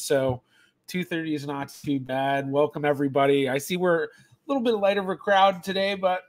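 A man hosting a casual live stream as a genealogist, chatty, laughing easily as he greets viewers by name, and bothered by allergies. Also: fairly high pitch. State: allergies, sneezy.

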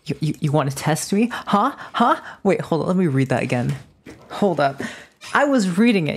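A woman streaming a strategy game live, teasing her chat in a playful, excitable way. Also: sits low, fairly quick, breathy edge. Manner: excitable outbursts. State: just woke up. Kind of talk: casual live gaming commentary.

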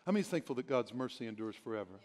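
A man's voice: medium pitch, expressive, rapid-fire, darkish tone. A male pastor preaching a sermon, urging the congregation with emphatic repetition and the odd chuckle.

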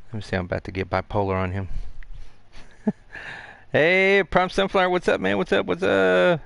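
A man streaming a video game, chatting excitably to himself and his viewers with mild cursing. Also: sits high, normal speed, creaky, long pauses, background noise. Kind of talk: casual live gaming commentary.

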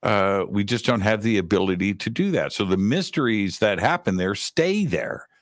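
A man's voice: on the low side, animated, moderate pace, no echo, studio quality. A man co-hosting a live talk show, chatting casually and rambling with lots of fillers. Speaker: radio host, co-host.

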